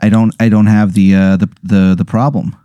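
A man co-hosting a comedy podcast, talking in an animated way, swearing freely and laughing readily. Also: fairly low pitch, normal speed, smooth, no echo, clean studio sound. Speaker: podcast co-host. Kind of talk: casual chat.

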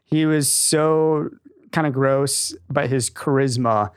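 A man's voice: medium pitch, steady tone, takes it slowly, smooth. A man co-hosting a casual podcast, rambling with lots of fillers and laughs. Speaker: podcast co-host. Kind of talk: casual chat.

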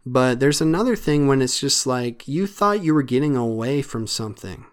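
A man's voice: mid-range voice, lively intonation, moderate pace, smooth. A man hosting a solo podcast, talking in an earnest, rambling way with many fillers. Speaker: podcast host.

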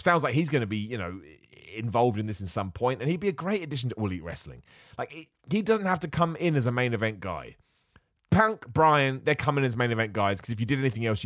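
Animated, fast-talking podcast host. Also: male voice, medium pitch, dry recording, studio quality. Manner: animated, opinionated, self-deprecating asides. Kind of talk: casual opinion podcast.

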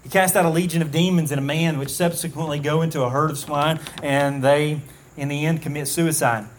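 A man's voice: on the high side, steady tone, slight background noise. Earnest man preaching a sermon. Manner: earnest, measured, with frequent ums and restarts. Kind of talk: expository sermon.

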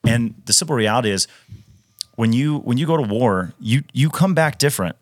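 A man's voice: medium pitch, expressive, a little fast, no echo, studio quality. A man in his thirties from Wisconsin, a retired Navy SEAL, talking casually as a podcast guest with emphatic restarts and lots of fillers. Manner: emphatic, frequent fillers and restarts, says "dude" often. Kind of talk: casual conversational storytelling.

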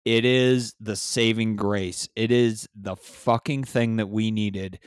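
A man's voice: fairly low pitch, steady tone, takes it slowly, few pauses, clean tone, no room sound, clean studio sound. A man hosting a podcast in casual talk, blunt and swearing freely. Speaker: podcast host. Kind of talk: casual conversation.

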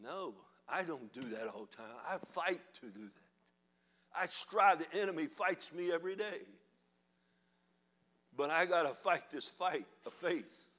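An older man preaching with fire in a high, ringing voice. His delivery is bright and forceful, swinging from low, muttered asides to loud, shouted declarations. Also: lively intonation, measured pace. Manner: fiery, preaching with rising shouts. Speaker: pastor. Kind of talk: sermon.

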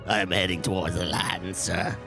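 Man doing a weary, deep-voiced goblin rower. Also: steady tone, normal speed, vocal fry, sharp tone, soft background music, exaggerated voice. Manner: grovelling, then indignant about pay.

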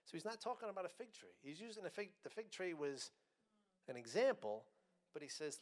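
A male preacher gives a sermon in a fairly high voice. He slows down to stress key words. His delivery swings between loud, forceful passages and quiet asides. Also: animated.

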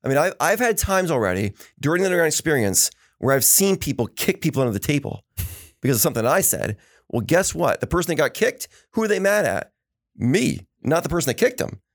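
A man hosting a casual podcast, telling animated stories and acting out the quotes of the people in them. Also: a little high, a little fast. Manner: animated storytelling with acted quotes. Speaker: podcast host.

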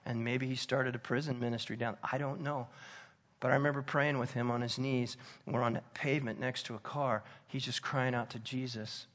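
A man preaching a sermon, telling a personal story in an earnest, conversational way that drops to soft intensity. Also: mid-range voice, little pitch movement, moderate pace.

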